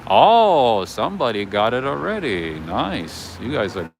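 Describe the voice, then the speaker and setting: A man's voice: mid-range voice, sing-song, measured pace, vocal fry, a little hiss or hum. A man hosting a casual walking livestream outdoors, telling stories and chatting with viewers as he reads their comments. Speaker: livestream host. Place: outdoors on city streets.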